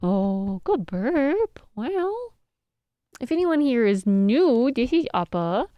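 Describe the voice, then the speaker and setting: A young woman streams a game from home, chatting easily and giggling as she greets viewers and fusses over her dog. Her voice sits fairly high and comes through a desk microphone. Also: big pitch swings, slow, no room sound, muffled recording. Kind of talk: casual live-stream chat. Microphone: desk microphone on a squeaky stand.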